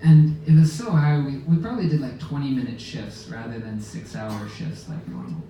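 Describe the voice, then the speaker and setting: Man, animated storytelling, laughs often, caught from across the room on a phone, big reverberant space, faint hum behind. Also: medium pitch, normal speed. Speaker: guest speaker telling a sailing story. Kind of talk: casual storytelling to a live audience. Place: lounge aboard a ship, indoors. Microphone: phone camera in the audience. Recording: very echoey room, distant mic, faint background noise.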